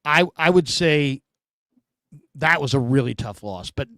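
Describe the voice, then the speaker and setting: A man hosting a casual sports talk show, telling stories in an animated, emphatic way. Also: medium pitch, measured pace, no room sound, clean studio sound.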